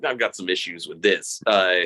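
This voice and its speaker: A man co-hosting a podcast in casual chat, animated and laughing often, repeating words as he starts sentences. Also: low voice, moderate pace. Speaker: podcast co-host.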